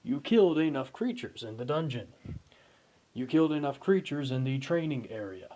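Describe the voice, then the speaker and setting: Man voicing a loud formal glowing orb. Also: mid-range voice, lively intonation, lightly acted. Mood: brisk. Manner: formal, announcing, brisk. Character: glowing orb of energy, formal quest-giver.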